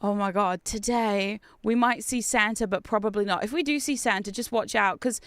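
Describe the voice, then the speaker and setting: An Australian woman streaming a game, chatting casually with viewers in an excitable, talkative way and laughing often. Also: mid-range voice, moderate pace, clean tone, no echo, studio quality. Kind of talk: casual gameplay chat with viewers.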